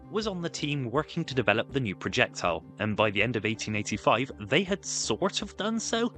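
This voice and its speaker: A man's voice: medium pitch, bright, forceful tone. A man giving scripted, comedic history narration with wry, sarcastic asides.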